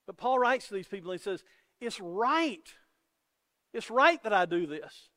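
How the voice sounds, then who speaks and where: Pastor delivering a sermon: man with a high voice, earnest and repetitive, echoing sanctuary sound. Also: animated, normal speed, pushed and bright. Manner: earnest, repeats words when starting sentences. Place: church sanctuary. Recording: long reverb of a church hall.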